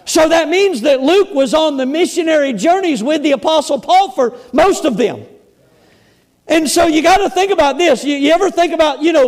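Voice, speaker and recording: A pastor preaching a sermon, emphatic, repeating words and stressing key phrases slowly and loudly. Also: male voice, very high-pitched. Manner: emphatic, repeats words, shifts between loud bursts and slow stresses.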